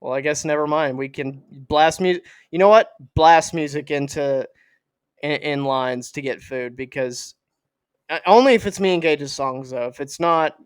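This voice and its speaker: A man's voice: medium pitch, no room sound. A man co-hosting a podcast, teasing his partner with goofy banter in casual chat. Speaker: podcast co-host.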